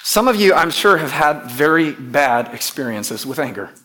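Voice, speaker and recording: A man's voice: on the high side, big pitch swings, moderate pace, bright, forceful tone. A pastor preaching to his church in an emphatic way, repeating key phrases and putting questions to the congregation. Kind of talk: sermon.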